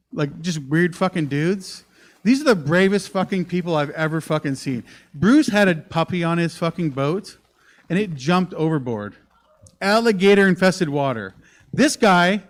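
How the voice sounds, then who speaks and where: On a comedy club stage, a man does live stand-up, rambling through a profane and animated story. His voice is slightly high for a man and comes through a handheld mic.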